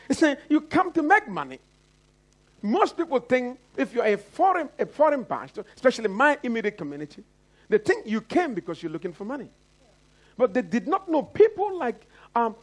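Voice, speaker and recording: Nigerian-born pastor preaching, high lively voice, keeps shouting out to the congregation. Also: male voice, a little fast. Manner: preaching with repeated call-outs to the congregation; acts out quoted voices with big pitch swings. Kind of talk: sermon.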